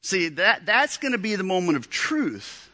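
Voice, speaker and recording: Bright-voiced man preaching with humor. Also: sits high, normal speed. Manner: animated, humorous storytelling. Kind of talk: sermon with personal story.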